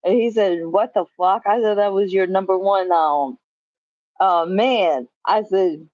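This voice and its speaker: A woman's voice: mid-range voice, measured pace, darkish tone, no room sound, highs cut off. A woman chatting casually on a livestream from home, swearing freely and laughing as she reads the chat. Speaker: livestream host. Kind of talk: casual live-stream chat.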